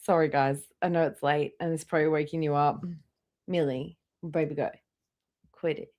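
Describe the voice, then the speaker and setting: A woman's voice: low voice, steady tone, moderate pace, darkish tone. Blunt, foul-mouthed woman streamer. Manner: mocking, profane, blunt. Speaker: livestream host reacting to clips. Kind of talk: casual live commentary.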